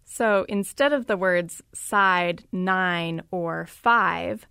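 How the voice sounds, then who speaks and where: A woman's voice: on the low side, drawn-out words, vocal fry, sharp tone, smooth. A woman reporter giving scripted, conversational podcast narration.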